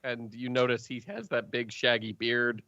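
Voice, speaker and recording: A man narrating as game master of a tabletop game, in an unhurried, halting way full of fillers. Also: medium pitch, level tone, bright, forceful tone, dry recording. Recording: dull, dry lo-fi stream audio.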